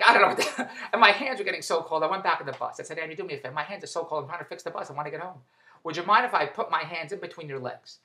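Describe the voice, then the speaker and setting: A man reels off old-school Catskills stand-up jokes at a quick clip, with a bright, sharp tone. His pitch swings widely, from loud bursts on the punchlines to low mutters in the setups. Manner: rapid-fire joke delivery with repeated phrases. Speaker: husband telling jokes.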